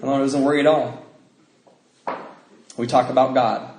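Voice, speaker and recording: A man's voice: medium pitch, level tone, normal speed, darkish tone. A middle-aged American man telling his recovery story to a meeting, acting out voices and laughing often. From United States. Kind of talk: personal testimony talk. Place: convention hall. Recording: roomy hall sound, faint noise.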